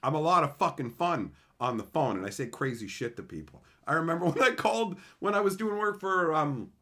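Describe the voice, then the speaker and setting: A man on a live stream, swapping stories with his viewers in a blunt, foul-mouthed way. His voice is bright and forward, and his pitch jumps around a lot. He laughs easily as he acts out the people in his stories. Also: lively intonation, fairly quick. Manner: profane, blunt, laughing storyteller who acts out quoted people. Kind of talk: casual live-stream chat, storytelling.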